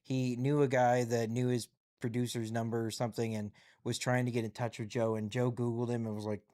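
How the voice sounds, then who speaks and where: A man's voice: medium pitch, level tone, brisk, darkish tone. A man hosting a casual live stream with a mid-range voice. He rambles through headlines, reading them aloud and musing on each one in an easygoing, conversational way.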